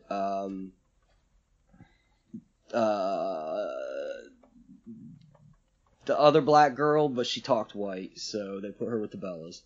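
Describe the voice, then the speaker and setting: A man's voice: fairly low pitch, muffled recording. A man co-hosting a podcast in casual chat, ranting and swearing as he talks. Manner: profane, ranting, animated. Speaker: podcast co-host.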